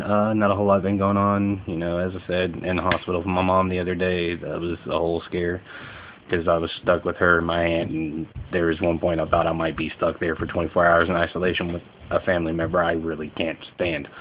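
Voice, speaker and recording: Low-voiced young man, tinny lo-fi recording. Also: a little hiss or hum. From Kentucky, USA. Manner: joking, self-deprecating, with many fillers. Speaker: vlogger. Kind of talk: casual rambling monologue. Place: lying in bed at night.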